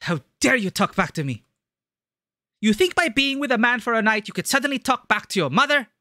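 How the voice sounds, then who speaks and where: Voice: medium pitch, sing-song, brisk, bright, forceful tone, dry recording, clean studio sound, voice pushed up. A streamer voicing a controlling, strict middle-aged mother in a game, scolding and indignant.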